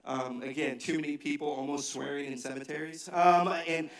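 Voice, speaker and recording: A male pastor preaching a sermon, swinging between shouted emphasis and hushed, low asides. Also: fairly even intonation, moderate pace. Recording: echoey hall, mic from a distance.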